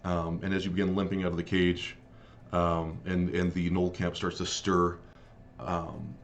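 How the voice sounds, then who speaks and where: A man serving as game master for a live-streamed tabletop game. He talks haltingly and apologetically, with frequent fillers. His voice is very deep with a gravelly rasp. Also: level tone, a little hiss or hum.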